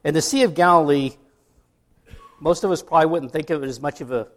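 With a slightly high voice and a quick pace, a middle-aged pastor from the U.S. delivers a sermon in a conversational style. He drops in asides and poses rhetorical questions to his congregation.

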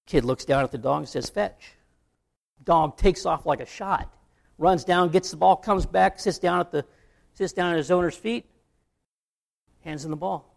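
A man's voice: a little high, normal speed, vocal fry. A man preaching a sermon, telling an illustration story in a conversational way. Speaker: pastor.

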